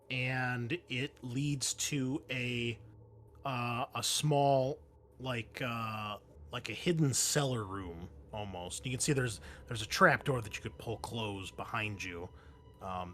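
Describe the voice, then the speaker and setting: A man's voice: medium pitch, fairly bright tone, a little hiss or hum. Man, game master, tabletop game narration, casual, filler-heavy. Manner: casual, many fillers and restarts.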